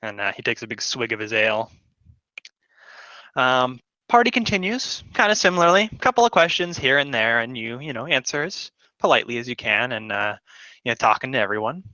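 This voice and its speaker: A man's voice: mid-range voice, very animated, fairly quick, bright, forceful tone, no echo, dull audio. Rambling man running a tabletop game. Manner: rambling, filler-heavy narration. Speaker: game master.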